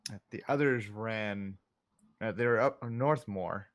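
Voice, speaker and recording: A man playing a tabletop game talks through his character's moves in a fairly low voice. He speaks slowly, thinks aloud, and chuckles often. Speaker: player.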